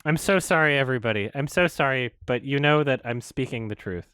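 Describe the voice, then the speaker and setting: A man's voice: mid-range voice, fairly quick, fairly bright tone, clean tone, no echo. A man hosting a reaction video, ranting with a heated, profane, sarcastic edge. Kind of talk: ranting commentary.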